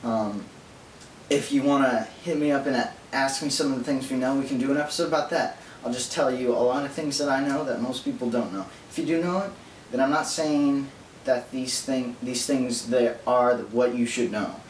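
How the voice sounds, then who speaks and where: A man vlogging alone in a casual, rambling monologue, talking fast and drifting into nerdy tangents. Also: mid-range voice, steady tone. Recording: roomy echo from distance, faint hum.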